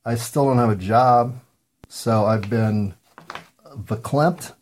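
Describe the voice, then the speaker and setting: A man hosting a solo talk show, rambling through jokes and musings with many ums and pauses while high. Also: steady tone, a little mellow. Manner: meandering, joking asides, frequent ums and pauses. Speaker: podcast host.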